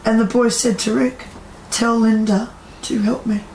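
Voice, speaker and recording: A chatty woman with a slightly high voice, talking to a live audience as a psychic medium. She acts out the people she quotes and puts questions to the crowd. Her voice echoes in the room over a faint hum. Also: level tone, unhurried, a little mellow. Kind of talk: storytelling talk to a live audience.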